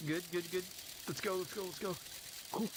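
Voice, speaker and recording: A man's voice: sits high, steady tone, moderate pace, noisy background. A man playing a game and talking to himself in a rambling, casual way. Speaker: gamer playing and reading aloud. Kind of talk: casual gaming commentary.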